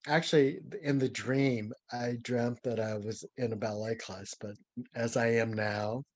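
An older man, a former ballet dancer, telling lively, dramatic stories as an interview guest. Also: medium pitch, measured pace, no room sound. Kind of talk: anecdotal storytelling.

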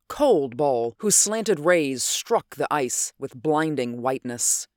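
A narrator reading an adventure story in measured, unhurried scripted narration. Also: mid-range voice, no echo, clean studio sound. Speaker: audiobook narrator.

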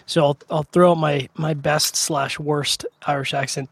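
A man co-hosting a casual tasting chat over a video call, playful and quick to laugh. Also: a little high, fairly even intonation, vocal fry, slight background noise. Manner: chatty, playful, laughs easily. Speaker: co-host of a drinks tasting show.

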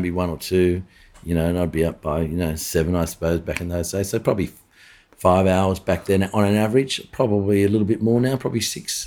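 A middle-aged Australian man with a very deep voice talks as a podcast guest. He rambles through anecdotes, stopping and restarting sentences and leaning on fillers. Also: darkish tone. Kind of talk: casual interview storytelling.

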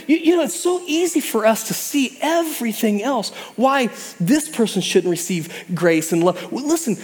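A man preaching a sermon in an animated way, acting out voices of God and Jonah as he speaks. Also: extremely high pitch, big-room sound. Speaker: pastor.

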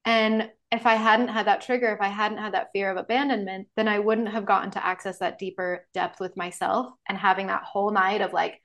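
A woman hosting a podcast, talking in a casual, lively way with frequent fillers and laughs. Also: medium pitch. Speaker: podcast host. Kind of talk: casual chat.

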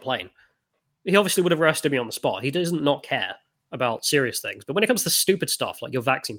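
Animated, bright-voiced man. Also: on the high side, fast. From United Kingdom. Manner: animated storyteller, blunt and swearing. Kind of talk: casual conversation.

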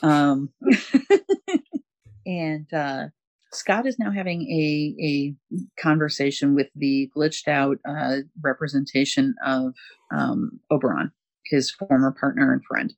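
A man's voice: on the high side, takes it slowly, creaky, dry recording. A man casually recapping a story, rambling with many fillers and chuckles. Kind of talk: casual comic book recap.

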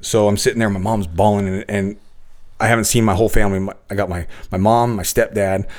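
A man's voice: fairly low pitch, steady tone, fast, darkish tone. A man in his thirties telling his own story in casual podcast talk, blunt and full of cursing and restarts.

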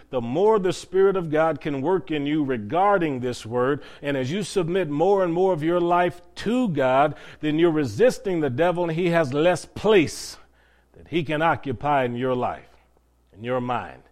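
Somewhat high-voiced man preaching a sermon. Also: animated, darkish tone. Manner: preaching with rhetorical questions, drawn-out emphatic phrases. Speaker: pastor.

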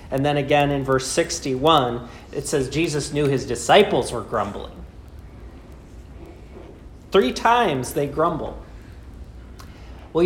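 A man preaches a sermon in a fairly high voice, posing rhetorical questions and leaning on dramatic pauses. His voice rings through an echoey room over a faint background hum.

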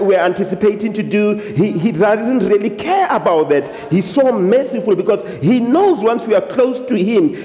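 A pastor preaching in a church hall, his voice mellow and a little higher than most men's. He drops amens between his points and slips between English and local languages. The sound rings with long reverb around the room. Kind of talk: sermon. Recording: echoey hall.

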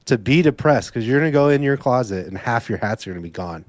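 A man's voice: mid-range voice, expressive, quick pace, darkish tone, dry recording. Blunt teasing man, dry sound. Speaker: co-host. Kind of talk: casual podcast chat.

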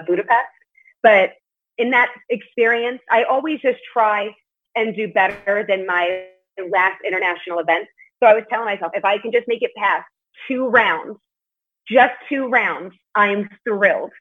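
Talking at a fairly quick clip in a mid-range voice, a woman guest on a podcast, who competes in martial arts, gives a candid, chatty casual interview. She swears now and then, and the sound is tinny, as if over a phone.

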